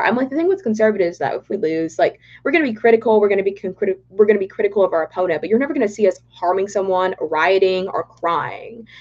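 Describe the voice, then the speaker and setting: A young woman from Dallas with a Texan accent, chatting excitably on a livestream and reading viewer comments aloud. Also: mid-range voice. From Texas, Dallas. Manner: bubbly and excitable, reads chat aloud. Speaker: political vlogger. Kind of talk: casual livestream chat. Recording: dull lo-fi livestream audio.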